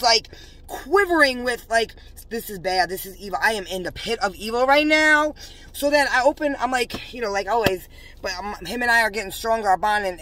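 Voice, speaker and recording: A woman's voice: mid-range voice, a bit bright. Woman vlogger, emotional storytelling, rambling, fervent, fillers everywhere. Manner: agitated, rambling, full of fillers; fervently religious. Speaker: religious vlogger.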